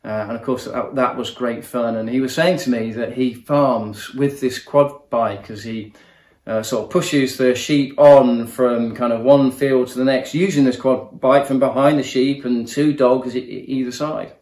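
Man, preacher, earnest and personal, repeats words, middle pitch, echoey room. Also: fairly even intonation, unhurried, a little mellow. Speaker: guest preacher. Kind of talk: sermon.

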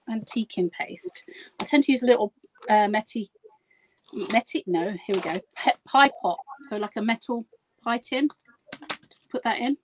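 On a rough recording with a faint hiss or hum, a guest crafter leads a live demonstration of a project in a voice that sits on the high side. She chats away, giggles, and makes self-deprecating jokes as she goes.

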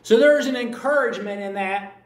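Here a Kentucky-accented man from the United States, pastor of his church, preaches with homespun stories and repeated lines, his voice sitting high and moving fairly quickly. The echoey sanctuary recording catches him from a distance.

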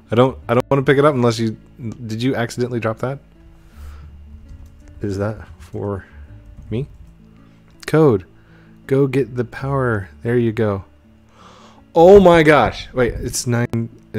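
Excitable young man narrating gameplay. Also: medium pitch. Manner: chatty and excitable, often gasping and exclaiming. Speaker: gaming channel host. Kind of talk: live gameplay commentary.

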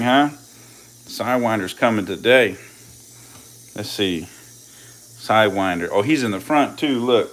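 Slangy low-voiced man chatting on a live stream. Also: moderate pace, long pauses, slight background noise. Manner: slangy, talks to viewers and the snakes, swears. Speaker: reptile keeper streaming live. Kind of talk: casual live-stream chat. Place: indoors by snake enclosures.

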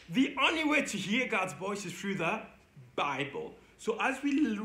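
A man teaching a children's Bible lesson indoors, energetic and playful, leading the kids in call-and-response. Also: sits high, echoey room. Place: indoor room.

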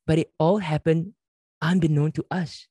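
A man with a fairly high-pitched voice leads a church workshop and tells stories with earnest conviction. He slips into the voices of the people in his anecdotes. His voice is recorded close and dry, with almost no room sound. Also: steady tone, moderate pace, dark tone, slightly rough, no echo. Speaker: church leader giving a workshop. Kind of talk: conference workshop talk with storytelling.

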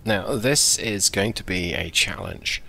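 A man's voice: lowish voice, measured pace, vocal fry, sharp tone, slight background noise. A man casually commenting on his own submarine gameplay, chatty and self-deprecating, thinking aloud. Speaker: game video host.

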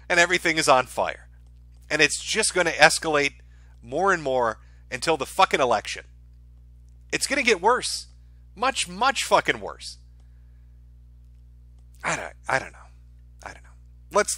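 A man's voice: on the high side, big pitch swings, normal speed, long pauses, bright, forceful tone, dry recording. A man hosting a live stream, ranting in a profane, heated way. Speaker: streamer host.

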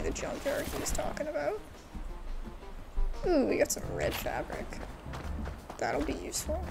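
A young woman with a high voice narrating her own gameplay. She is chatty and giggly and gets excited easily, and she mixes casual asides with reactions to what happens in the game. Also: unhurried, creaky, long pauses, music in the background. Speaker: gaming channel host.

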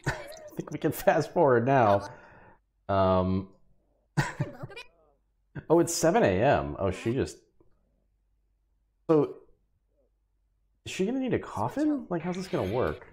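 A man's voice: mid-range voice, sing-song, slow pace, pauses often, a little mellow. A man streaming a game and chatting casually, laughing often and exclaiming at what happens on screen. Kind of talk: casual gameplay commentary.

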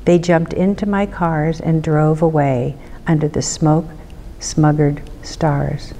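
Woman reading a children's book, slow rhythmic delivery, lower voice, reverberant room. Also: steady tone, dark tone, a little hiss or hum. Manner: measured rhythmic read-aloud. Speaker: city councilmember.

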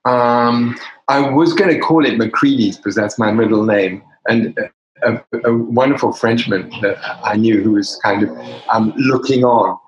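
This older British man, a wine bar owner, talks in a casual interview as the guest, at medium pitch and a moderate pace. His delivery is hesitant, with many fillers and restarted sentences, and the lo-fi recording has a roomy echo.

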